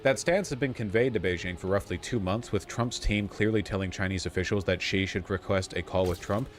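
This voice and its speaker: A man with a fairly low voice reads news items aloud, then cuts in with sarcastic, swearing commentary. A faint hiss of noise sits under his voice. He moves quickly between reading the story and mocking it. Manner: sarcastic, profane, quick asides. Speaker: political commentator.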